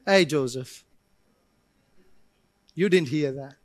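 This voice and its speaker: A man pastor preaching a sermon at a church service, animated and joking with the congregation, at times building to emphatic shouting. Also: fairly high pitch, takes it slowly, no echo.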